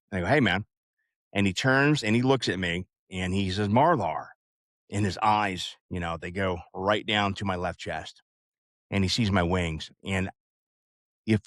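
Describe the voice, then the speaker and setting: A man in his fifties tells a long personal story in a low, unhurried voice. He rambles, with plenty of "uh" and "you know" asides. The sound is close and dry, with no room echo. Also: fairly bright tone. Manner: rambling, many fillers and asides. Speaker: podcast host. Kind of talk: casual storytelling.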